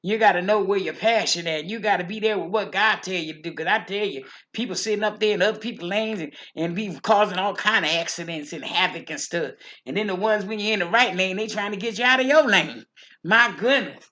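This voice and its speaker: A woman's voice: medium pitch, a little fast, a bit bright, lightly acted. A woman voicing a chatty older church lady who rambles, repeats herself and preaches about living right. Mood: folksy preaching. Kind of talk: character monologue.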